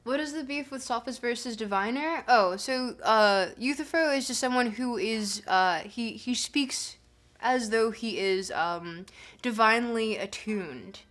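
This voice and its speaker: A woman's voice: a little high, a little slow, fairly bright tone. A woman streamer casually explaining a philosophy text between readings, chatty and giggly with many fillers. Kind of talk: casual live-stream commentary.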